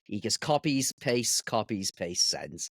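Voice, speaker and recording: A man who works as a chef, a guest on a podcast, telling anecdotes in a relaxed, casual way. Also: lowish voice, takes it slowly, vocal fry, no echo. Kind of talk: casual chat.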